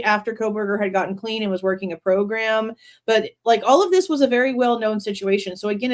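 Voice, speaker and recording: A woman hosting a true crime livestream, reading passages from a book aloud and breaking off into blunt, sarcastic commentary with swearing. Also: on the high side. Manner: reads quoted passages, then breaks off to comment.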